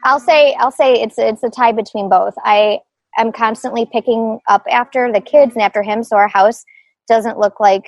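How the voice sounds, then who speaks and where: A chatty middle-aged woman with a higher-pitched voice, talking on a remote call with a dry, close sound. She laughs often and keeps restarting her sentences with plenty of fillers. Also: steady tone, moderate pace, dry recording, poor audio. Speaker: guest, group practice owner. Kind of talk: casual conversational interview.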